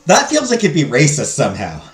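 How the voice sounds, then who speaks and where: A man streaming a story game, reading its narration and chatting in an animated, rambling, self-deprecating way. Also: fairly high pitch, brisk, roomy sound, faint music behind. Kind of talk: casual game commentary and narration.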